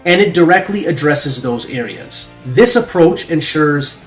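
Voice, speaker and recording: A man explaining strength training as a coach, in a casual, quick explanatory delivery. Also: a little high, expressive. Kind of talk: educational talk to camera. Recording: echoey room with faint music.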